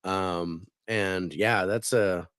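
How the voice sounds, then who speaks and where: A man's voice: sits low, steady tone, drawn-out words, a bit bright, smooth, dry recording. Male podcast host, easygoing and rambling, slightly worn voice after a cold, dry close-miked sound. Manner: laid-back, rambling with many fillers. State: recovering from a cold. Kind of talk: casual podcast chat.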